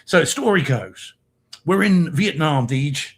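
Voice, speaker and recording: A man's voice: on the high side, lively intonation, takes it slowly, fairly bright tone, breathy edge. A British man co-hosting a casual live-stream chat, rambling and hesitant with lots of ums, laughing often. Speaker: co-host. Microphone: remote video-call mic.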